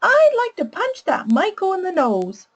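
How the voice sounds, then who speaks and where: A woman voicing an upset young child with a high-pitched voice, complaining and sulky as the child tells a parent its problems. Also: wildly swooping pitch, unhurried, full character voice.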